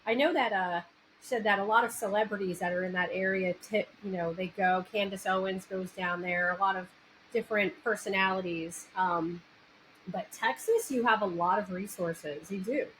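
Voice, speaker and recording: Animated New York Italian woman host. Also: medium pitch, normal speed, poor audio. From New York area. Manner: animated, self-interrupting, restarts sentences. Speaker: podcast host. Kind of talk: casual interview chat. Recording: faint background noise, backup mic.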